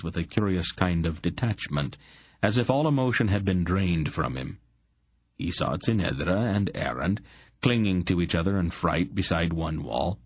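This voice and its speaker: A man narrates a fantasy audiobook in a measured, dramatic way. His voice is very deep and husky, and his pace is unhurried. The sound is dry and close to the mic. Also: dry recording. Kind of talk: scripted narration.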